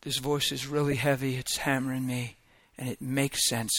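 A middle-aged man preaching a personal testimony, moving from hushed, whispered prayer to loud, emphatic exclamations. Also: mid-range voice, little pitch movement, moderate pace, few pauses. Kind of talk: sermon testimony.

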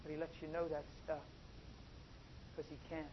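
A man preaching a sermon, swinging from soft asides to loud, drawn-out emphatic phrases. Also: a little high, monotone. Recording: dull, lo-fi with faint noise.

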